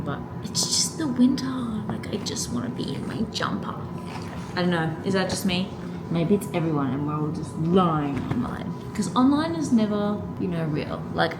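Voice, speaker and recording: Chatty young woman, echoey and noisy. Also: on the low side. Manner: chatty, gushing, lots of "like" and gasps. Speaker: vlogger. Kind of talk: casual vlog chat. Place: in a car. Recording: echoey room with clear background noise.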